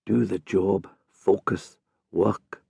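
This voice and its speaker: Earnest nervous detective, voiced by a man, quiet, low-pitched, dry close sound. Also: animated, normal speed, gravelly, no echo. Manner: quiet, tense, self-doubting. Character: anxious, earnest large male detective.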